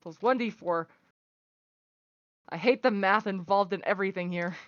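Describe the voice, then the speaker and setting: A woman playing a tabletop game over voice chat, excitable, exasperated and cursing freely. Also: medium pitch, moderate pace, no echo, muffled recording. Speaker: player. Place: online voice chat.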